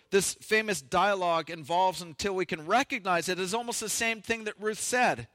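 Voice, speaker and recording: A pastor preaching a sermon, reading scripture in an earnest, measured way with touches of light humor. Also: male voice, high voice, a bit bright, no echo.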